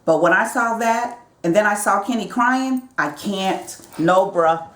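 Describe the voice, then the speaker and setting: A woman co-hosting a casual reality show recap, reacting in an animated, emphatic way. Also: medium pitch, a little slow. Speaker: show co-host. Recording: echoey room.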